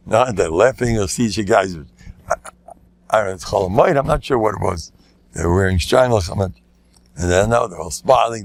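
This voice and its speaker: A man's voice: moderate pace, no echo. An older man, a rabbi giving a lecture, telling stories with jokes, often breaking off, repeating words and laughing at his own lines. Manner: animated, jumps into loud high voices for quoted lines. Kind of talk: storytelling talk with jokes.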